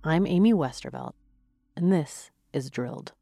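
A somber woman podcast host, voice pitched down and slowed, sounding sorry for the bad news she brings, as a woman puts her on for a laugh. The tone is grave and measured, with a wide-open pitch that dips low. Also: animated, dark tone, no room sound, soft background music, full character voice. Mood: solemn. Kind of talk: comic impression.

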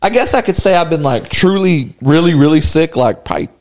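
A man's voice: lively intonation, fairly quick, darkish tone. A man co-hosting a casual podcast chat, telling a story and laughing often, with his voice jumping up when he quotes people. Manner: laughing storyteller, voice jumps high for quoted lines. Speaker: podcast co-host.

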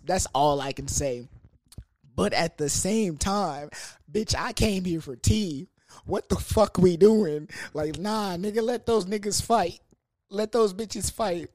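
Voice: medium pitch, slow pace, darkish tone, no echo, studio quality. A young adult telling a comedic storytime about a party, in a loose, slangy, profane manner with lots of fillers. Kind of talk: casual storytime monologue.

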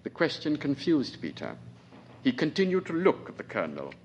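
A man's voice: a little high, huge pitch swings, a little hiss or hum. Man from Trinidad reading fiction. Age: 40s. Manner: measured, precise, literary reading. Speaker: novelist, lecturer. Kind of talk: reading his own fiction aloud at a lecture.

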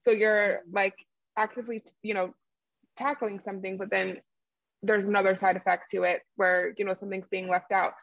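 A woman's voice: medium pitch, level tone, fairly quick, creaky, no room sound, muffled recording. A woman who founded a skincare brand, explaining her products in an interview with lots of fillers and easy laughs. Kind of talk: conversational interview answers.

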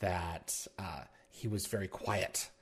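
A man's voice: low-pitched, steady tone, slow, a bit bright, breathy edge. A man hosting a casual interview, asking questions and reacting with enthusiasm. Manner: enthusiastic, asks questions, brief affirmations. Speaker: podcast host.

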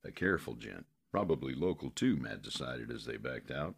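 A man narrating a western novel in a steady, measured way. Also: extremely low pitch, vocal fry, slightly rough.

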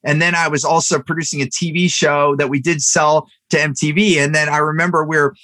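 A man in his thirties or older, a podcast guest, telling a story in an animated way with frequent restarts. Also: a little high, fairly quick, no room sound. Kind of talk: storytelling interview talk.

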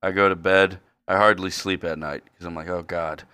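A man with a low, deep voice that still cuts through bright and forward, riffing in crude jokes as a podcast co-host. He talks casually over a ballgame, with sudden loud bursts. The sound is close and dry. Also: fairly even intonation, normal speed, clear, resonant tone, dry recording. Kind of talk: casual chat watching a ballgame.

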